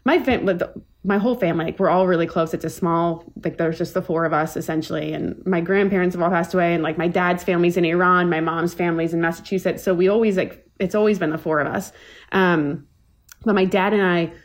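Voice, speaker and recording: A woman in her thirties, a podcast guest telling family stories in casual chat, with many restarts and lively put-on voices for her relatives. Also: on the low side, quick pace. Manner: chatty storyteller, many likes and restarts, acts out family quotes.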